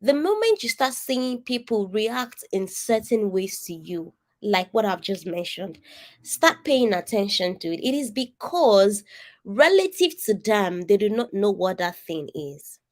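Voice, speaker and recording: Speaking in a mid-range voice with big pitch swings at a measured pace, a Nigerian woman coach runs an interactive session by video call. Her voice is somewhat nasal and accented, and she addresses the group directly in an earnest, emphatic manner.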